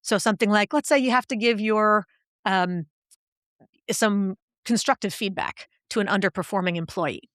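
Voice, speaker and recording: A woman's voice: mid-range voice, normal speed, a bit bright, dry recording, clean studio sound. A middle-aged woman, a linguist and executive coach, explaining ideas in a podcast interview and acting out quoted voices to make her points.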